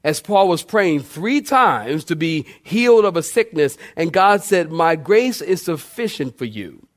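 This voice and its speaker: A male pastor preaching a sermon with dynamic swings in pitch and loudness, calling out to the congregation. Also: lively intonation, unhurried.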